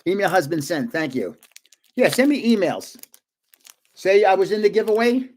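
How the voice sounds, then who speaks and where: An older man casually opening trading cards on a live stream, chatty and excitable, guessing aloud and laughing often. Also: sits high, normal speed, a little hiss or hum. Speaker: card-opening vlogger.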